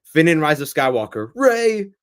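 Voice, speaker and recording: A young man hosting a casual livestream Q&A, rambling and reacting to the chat in a lively, chatty way. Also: mid-range voice, fairly quick. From United States. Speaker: livestream host.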